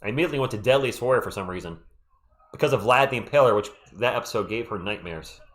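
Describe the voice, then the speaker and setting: A man hosting a casual live play-by-play stream, calling plays and answering chat with an animated delivery while losing his voice. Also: fairly low pitch. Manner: animated, quick play calls mixed with chat shout-outs.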